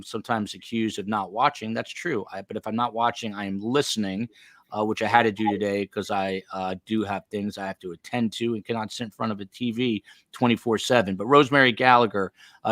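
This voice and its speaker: A man from the Northeast United States hosts a podcast in a chatty, feisty way, wandering off into asides. His voice sits low, and the sound is dry and close to the mic. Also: a bit bright, no room sound. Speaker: podcast host. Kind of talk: casual podcast chat.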